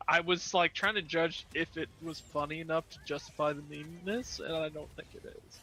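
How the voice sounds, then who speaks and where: A man joins a casual gaming chat and teases his friends. His voice is bright and a little high. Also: fairly even intonation, moderate pace. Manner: teasing. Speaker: podcast co-host.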